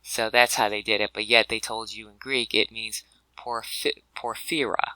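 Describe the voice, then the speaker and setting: A man's voice: fairly low pitch, fairly even intonation, normal speed, bright, forceful tone, no room sound, poor audio. A man teaching a scripture word study in a conversational way, with fillers and restarts, addressing listeners as brothers and sisters. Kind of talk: explanatory video lesson.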